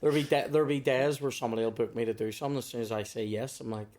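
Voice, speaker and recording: Northern Irish male comic, relaxed anecdote-teller, sweary, plays out other people's lines. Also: medium pitch, racing. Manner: swears freely, acts out others in his stories. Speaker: comedian guest. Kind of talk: casual storytelling chat.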